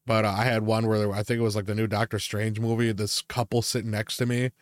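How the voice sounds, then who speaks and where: A man's voice: fairly low pitch, little pitch movement, quick pace, dry recording, clean studio sound. Foul-mouthed man ranting through stories. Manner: ranting storyteller, heavy swearing and fillers. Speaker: podcast co-host. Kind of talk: casual chat.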